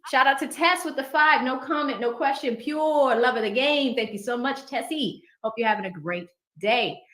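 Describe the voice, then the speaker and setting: A woman's voice: sits high, a bit bright. A woman hosting a livestream in a casual, chatty and upbeat manner, reading out viewer super chats. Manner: chatty, upbeat, quick asides. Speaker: livestream host. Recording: echoey room.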